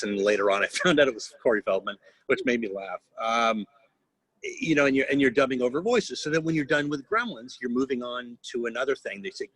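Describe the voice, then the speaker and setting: A man's voice: mid-range voice, a bit bright, husky, no echo, low-quality recording. A man in his fifties, a guest voice actor, telling rambling stories on a video call, restarting often and laughing. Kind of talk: casual anecdotal interview.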